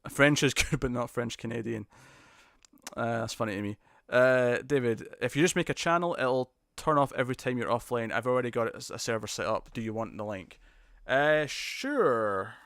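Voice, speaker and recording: A man's voice: medium pitch, normal speed, fairly bright tone, no echo. Rambling British man, dry close mic. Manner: rambling, hesitant, stammers and restarts, chuckles often. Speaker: live stream host. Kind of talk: casual chat reading viewer comments.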